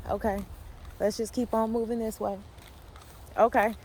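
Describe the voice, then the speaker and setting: Filming on a handheld phone, a woman gives viewers a casual, chatty walking tour of a windy cemetery, apologizing for her cursing and exclaiming when startled. Her voice is fairly low and darkish, with a little hiss or hum.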